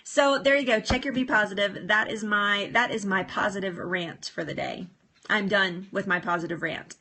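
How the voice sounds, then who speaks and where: A woman's voice: medium pitch, fairly even intonation, normal speed, bright, forceful tone. A woman hosting a casual live stream from home, chatting with viewers, reading their comments and laughing often, on a phone microphone. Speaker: livestream host. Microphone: phone or device mic, no external microphone.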